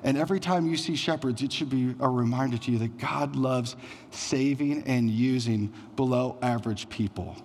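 A man's voice: mid-range voice, moderate pace, darkish tone, big-room sound, slight background noise. A man preaching a sermon as pastor, in a conversational style with frequent fillers.

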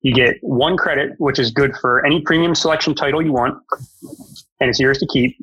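A laid-back man chats on a podcast in a bright, husky voice. The sound is dry and close, a little muffled. He moves easily between banter and an ad read. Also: medium pitch, a little fast, dry recording. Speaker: podcast co-host. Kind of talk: casual chat and sponsor read.

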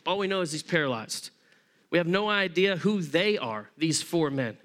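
A man preaching a sermon as pastor, conversational and animated, acting out the people in the story as he tells it. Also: on the high side, normal speed. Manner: acts out voices of people in the story.

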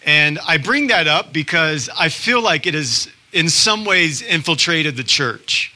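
A man's voice: a little high, animated, a little slow, sharp tone. A man preaching a sermon as pastor, telling stories in a conversational, self-deprecating way and acting out quotes.

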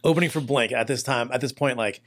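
Male host, easygoing anecdote teller, medium pitch. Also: fast talker. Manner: relaxed, laughs easily, tells anecdotes with asides. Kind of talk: casual chat.

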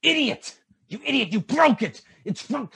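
A man's voice: very high-pitched, very animated, moderate pace, creaky, slightly rough, no echo, studio quality, voice pushed up, heavily acted. A man voicing a bossy female tiefling manager, shrieking and berating. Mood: furious.

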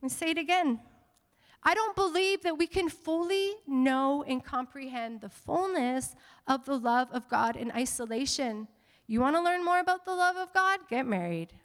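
A woman pastor preaching a sermon to a congregation, animated and playful, with teasing asides. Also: high-pitched, moderate pace, in a large hall. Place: church sanctuary.

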